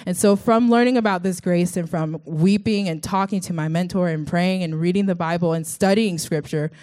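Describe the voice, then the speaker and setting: A woman's voice: lowish voice, moderate pace, darkish tone. A young woman from Texas telling her personal faith story in an earnest, chatty way, with many fillers. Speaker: vlogger.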